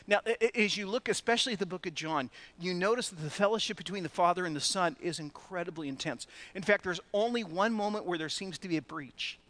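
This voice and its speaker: Male preacher, bright and animated, pitched high, breaks into laughs. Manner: animated, laughs between phrases. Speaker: pastor. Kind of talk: sermon.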